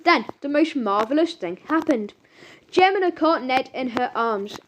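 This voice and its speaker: High-voiced woman reading a children's story. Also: normal speed, slight background noise. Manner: lively storytelling with sound words. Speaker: audiobook narrator. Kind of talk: children's audiobook narration.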